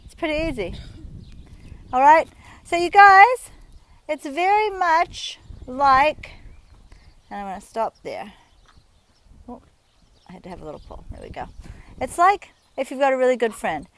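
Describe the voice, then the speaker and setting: High-voiced New riding instructor. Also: female voice, expressive, a little slow, long pauses, fairly bright tone. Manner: friendly, chatty, explains with everyday examples. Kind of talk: instructional talk while riding. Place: outdoors at a rural horse yard.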